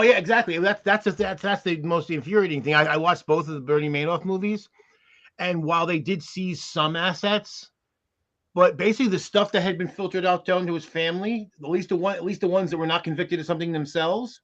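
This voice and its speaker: A man co-hosts a casual chat, pressing his points emphatically and restarting sentences often. His voice sits a little high. The recording sounds dull and lo-fi. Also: brisk, a bit bright. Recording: dull lo-fi audio.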